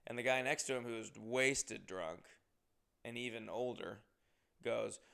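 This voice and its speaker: A man in his twenties or thirties tells a tour story in a relaxed, rambling monologue. His voice has a gravelly rasp and sits at an average pitch. He swears freely and gets suddenly loud on the punchlines. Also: a little fast. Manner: profane, animated, with bursts of loud emphasis. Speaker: comedian on tour.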